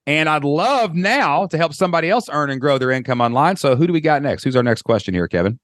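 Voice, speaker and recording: A man's voice: fairly high pitch, animated, quick pace, a bit bright, no echo, clean studio sound. A man with a Kentucky accent hosting a podcast call-in show, talking in an enthusiastic, folksy and joking way. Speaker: podcast host. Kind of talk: energetic podcast call-in chat.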